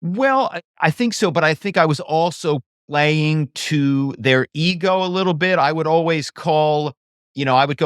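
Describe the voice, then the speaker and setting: A man's voice: fairly high pitch, moderate pace, clear, resonant tone, no room sound, studio quality. A man, a former actor and author, telling stories as a podcast guest and acting out phone calls in different voices. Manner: animated, acts out phone calls. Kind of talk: casual storytelling interview.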